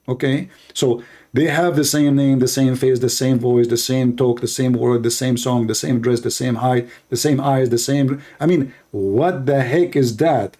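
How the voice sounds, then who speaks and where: A man's voice: mid-range voice, fairly even intonation, moderate pace, hardly any pauses, dark tone. A man hosting a call-in debate, arguing in an emphatic, mocking way. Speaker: host.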